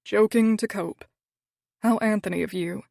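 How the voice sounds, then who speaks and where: A woman voicing a grumpy, controlling young man with a low raspy tone, speaking curtly in an audiobook. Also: steady tone, normal speed, darkish tone, dry recording, clean studio sound, close to an everyday voice. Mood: brooding. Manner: curt, commanding.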